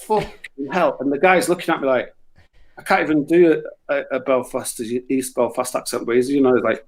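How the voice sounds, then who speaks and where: A man spinning a comic yarn, loose and sweary, with sudden animated outbursts. His voice sits at an everyday middle pitch. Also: moderate pace, low-quality recording. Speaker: musician and guest storyteller. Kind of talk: casual comic storytelling.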